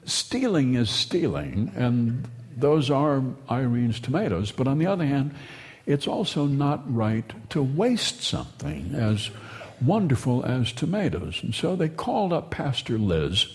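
A man's voice: medium pitch, darkish tone. A man telling a humorous story in a wry, meandering way, often stumbling and repeating words. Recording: long hall reverb.

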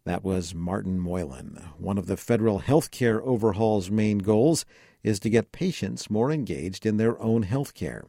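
A man presenting a news podcast, calmly introducing reports. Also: fairly low pitch, no echo, studio quality. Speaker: podcast host.

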